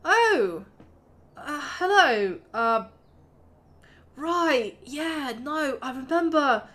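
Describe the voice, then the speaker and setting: A woman's voice: high voice, lively intonation, drawn-out words, a bit bright, voice pushed up, heavily acted. A woman voicing a flustered man in a fantasy tavern game, stammering and apologizing. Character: flustered, stammering man caught mid-conversation.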